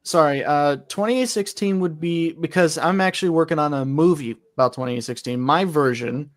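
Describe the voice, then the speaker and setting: Man, casual chatter, eager explainer, slightly high voice. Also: moderate pace. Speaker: voice actor. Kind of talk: casual chat.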